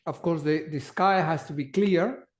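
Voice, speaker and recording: Slow, halting man with a higher voice. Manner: slow, halting, many repeated words. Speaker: polar travel company guest. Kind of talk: interview answers.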